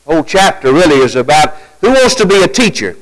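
A man preaching a sermon in a conversational way, asking rhetorical questions and climbing higher and louder when he quotes scripture. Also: very animated, fast, poor audio.

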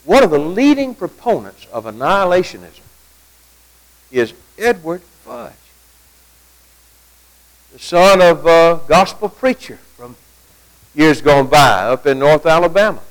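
A man delivers a sermon to his congregation in a high-pitched voice. His delivery is very animated, with wide swings of pitch as he poses rhetorical questions. He reads quotations aloud and then answers them. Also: measured pace, pauses often, poor audio. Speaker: preacher. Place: church gathering at night.

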